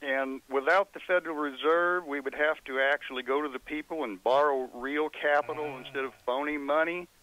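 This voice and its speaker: A man's voice: on the high side, steady tone, moderate pace, few pauses, sharp tone, dry recording. Plainspoken male caller on a dull line. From Oklahoma, USA. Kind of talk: phone-in radio call. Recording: dull lo-fi phone line, dry.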